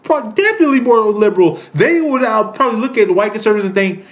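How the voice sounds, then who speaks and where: A man in his thirties hosts a political commentary channel, ranting in a profane, rambling, indignant way. His voice is high-pitched and fast with lively intonation.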